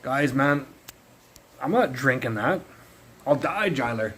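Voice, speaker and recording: A young man speaking casually into a phone on a livestream. His story tumbles out in loose, profane bursts at an ordinary middle pitch. A faint background hum sits under his voice. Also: slow pace. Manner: rambling, profane, animated retelling.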